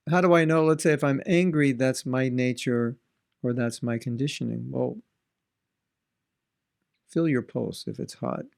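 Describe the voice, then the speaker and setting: Gravelly man giving a devotional talk. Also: medium pitch, darkish tone. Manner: earnest, conversational, asks rhetorical questions. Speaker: spiritual teacher.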